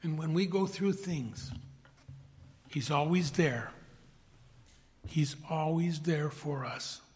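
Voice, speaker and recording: A man preaching a sermon, reading scripture aloud, rising to loud emphatic peaks and dropping to soft hushed whispers. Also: fairly high pitch. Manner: slow, swells loud then drops to a hushed whisper. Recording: long hall reverb.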